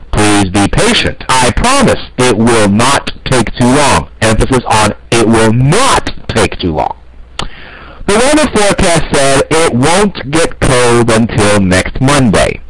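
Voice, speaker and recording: Guy teaching english tenses, animated voice, noisy recording. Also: mid-range voice. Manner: explanatory, frequent "okay?" checks. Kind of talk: grammar lesson.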